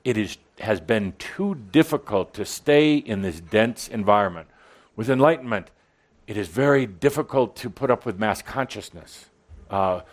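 A man speaking to a live audience in a channeled spiritual talk, playful and teasing, with dramatic pauses and swings between loud and soft delivery. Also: mid-range voice.

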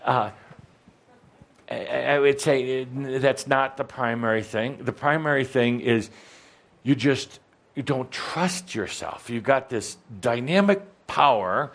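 A man's voice: mid-range voice, slow, gravelly, fairly bright tone. Man, playful provocateur, spiritual workshop leader on handheld mic, stammers and restarts. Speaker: spiritual teacher speaking as a channeled figure to a live audience. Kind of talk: interactive workshop coaching. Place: hall with live audience. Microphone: handheld microphone.

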